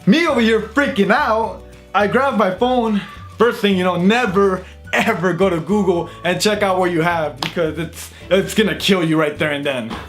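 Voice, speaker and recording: High-voiced man telling a comic story. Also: normal speed, faint music behind. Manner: animated, self-mocking storytelling. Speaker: YouTube channel host. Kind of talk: casual comedic storytime.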